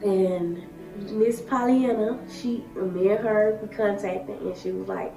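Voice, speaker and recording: Slow, emotional woman. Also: mid-range voice. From Alabama, USA. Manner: emotional, halting, short phrases. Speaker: daycare worker sharing her story. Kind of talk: personal testimony. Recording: echoey room, distant mic, soft music.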